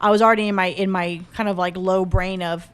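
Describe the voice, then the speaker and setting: A woman's voice: lowish voice, steady tone, a little fast, clear, resonant tone. A young adult woman comedian talking in a casual podcast chat, blunt and self-mocking, swearing freely. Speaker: comedian guest.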